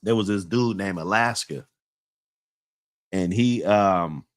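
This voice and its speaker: A man's voice: low-pitched, slow pace, a little hiss or hum. A man casually telling a long story in heavy slang, rambling with many fillers and laughing often as he talks.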